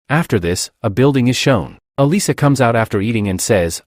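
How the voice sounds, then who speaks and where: A man narrating a manga recap in a brisk storytelling manner. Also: mid-range voice, big pitch swings, no room sound, studio quality.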